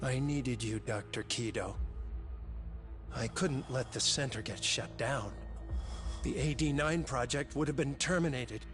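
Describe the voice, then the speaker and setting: A guilt-ridden scientist, voiced by a man who talks in a hesitant, earnest way at a mid-range pitch. His game dialogue plays over dramatic music in the background. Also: measured pace, lightly acted. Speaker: research scientist.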